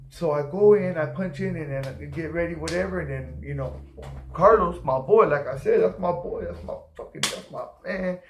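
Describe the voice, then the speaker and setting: A man's voice: fairly high pitch, slight background noise. A man telling rambling, profane stories in casual chat, acting out other people's voices as he goes. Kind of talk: casual storytelling. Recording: echoey room.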